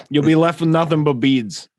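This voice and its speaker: A man's voice: fairly high pitch, a little mellow, no room sound. A man hosting a podcast in casual chat, laid-back and profane, tossing in dry wisecracks. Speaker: podcast host.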